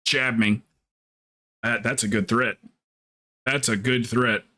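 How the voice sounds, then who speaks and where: A man's voice: medium pitch, steady tone, takes it slowly, sharp tone. A man streaming a game, chatting casually with viewers in a rambling, joking way and swearing freely. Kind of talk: casual live-stream chat.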